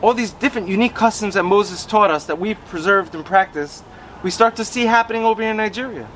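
A rabbi, telling stories in an animated way and acting out quoted voices, talking on a city stoop. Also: male voice, high-pitched, fast talker, slight background noise. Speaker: rabbi guest on a podcast. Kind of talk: casual storytelling conversation.

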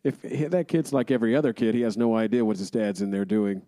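A man's voice: lowish voice, fast, warm tone, no echo. A man co-hosting a movie podcast, talking in a dry, teasing, laid-back way. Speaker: podcast co-host. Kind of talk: casual movie podcast chat.

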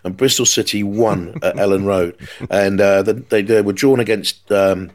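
A man hosting a football podcast, telling animated anecdotes and mimicking the people in them. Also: lowish voice, moderate pace. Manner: animated anecdote-teller, mimics voices in his stories. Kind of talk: storytelling chat.

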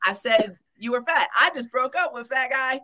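A woman co-hosting a podcast, telling a story in casual chat, animated and laughing often, acting out the voices she quotes. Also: high-pitched, normal speed, heavy background noise. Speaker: podcast co-host.

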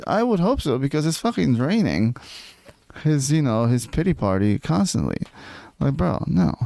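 A man co-hosting a podcast in casual chat, animated and swearing, mimicking people he talks about. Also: fairly high pitch, normal speed, creaky. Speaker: podcast co-host.

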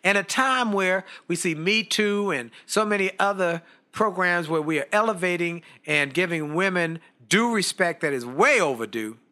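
A man's voice: high voice, lively intonation, moderate pace, hardly any pauses, bright, forceful tone. A man hosting an interview, asking questions and echoing the guest's points emphatically. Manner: encouraging, emphatic. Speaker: host.

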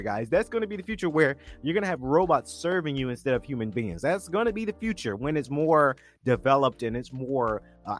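A man co-hosting a podcast, chatting casually and enthusiastically in a review, often repeating words as he looks for the next one. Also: a little high. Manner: enthusiastic, repeats words while reaching for them. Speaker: podcast co-host.

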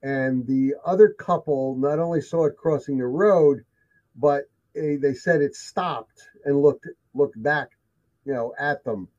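A man tells his stories in an emphatic, repetitive way, leaning on key phrases. His voice sits a little high for a man. The recording is dull and lo-fi. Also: a little slow, a little mellow. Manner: emphatic storyteller, repeats himself. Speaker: guest telling of sightings. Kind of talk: casual conversation. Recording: dull lo-fi sound.

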